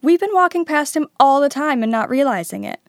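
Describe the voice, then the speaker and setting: A woman voicing an excitable teenage boy wizard, urgent and emphatic. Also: sits high, a little fast, no echo, studio quality, voice pushed up.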